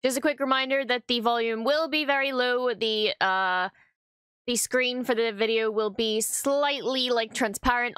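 A young woman hosting a reaction video, chatting casually, then exclaiming and swearing excitedly. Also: fairly high pitch, clear, resonant tone, dry recording.

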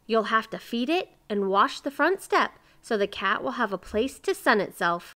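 A woman's voice: on the high side, sing-song, normal speed, bright, forceful tone. A woman voicing kindly, bossy neighbor women who talk in a coaxing, cheerful way.

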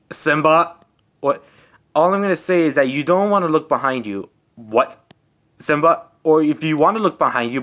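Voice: medium pitch, a bit bright. A voice role-playing characters in a playful way, stammering and repeating words. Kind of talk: excited kid-style play role-play.

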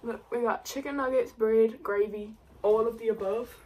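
A woman's voice: a little high, steady tone, normal speed. A young woman, chatting and joking giggly in a casual vlog. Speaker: vlogger. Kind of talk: casual chat. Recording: distant mic with loud background noise.

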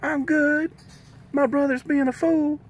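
A man voicing his small, touchy terrier-mix dog in a high, squeaky, grumbling voice. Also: little pitch movement, a little slow.

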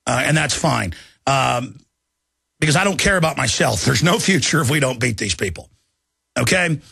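A man's voice: mid-range voice, gravelly, husky, no room sound, clean studio sound. A man hosting a radio talk show, ranting in an agitated, heated way. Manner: agitated, ranting, mimics people in shouted voices. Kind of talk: heated political rant.

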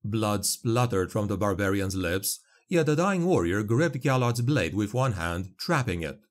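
A man narrating a dark fantasy audiobook in a measured storytelling manner. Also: fairly low pitch, lively intonation.

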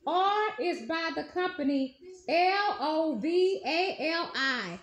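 A woman with a high, bright voice and a drawl talks casually to her viewers, reviewing perfumes she has bought. She gushes and hypes each bottle with folksy, animated slang. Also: slow pace. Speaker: beauty vlogger.

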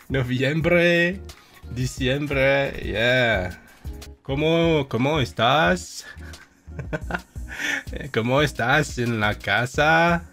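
A man's voice: medium pitch, drawn-out words, long pauses, a bit bright, faint music behind. A young man on a live stream playfully impersonating another streamer, reading chat questions and goofing around. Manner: teasing, goofy, reads chat questions aloud and jokes.

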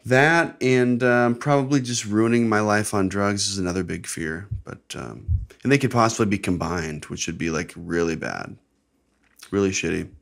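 A man's voice: lowish voice, moderate pace, creaky, a bit bright. A young American man hosting his own podcast, talking in a casual, rambling, profane and sarcastic way. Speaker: podcast host. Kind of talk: casual solo podcast monologue.

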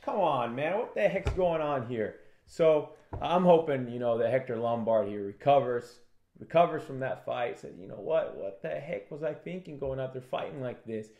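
A man co-hosting a casual MMA betting analysis show, animated and acting out fighters in raised voices. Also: mid-range voice, reverberant. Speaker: MMA prediction co-host.

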